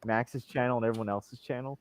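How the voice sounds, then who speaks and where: Animated man telling jokey stories. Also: mid-range voice, fairly quick, no room sound. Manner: animated storyteller, jokey, does silly impressions. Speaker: show host. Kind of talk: casual group chat on a stream.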